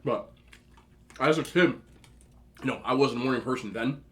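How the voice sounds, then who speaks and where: A man's voice: mid-range voice, moderate pace. A man in his thirties chatting casually at home, rambling through stories as he eats. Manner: chatty, rambling, animated when telling stories. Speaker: mukbang host. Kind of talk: casual storytelling while eating. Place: indoors at home.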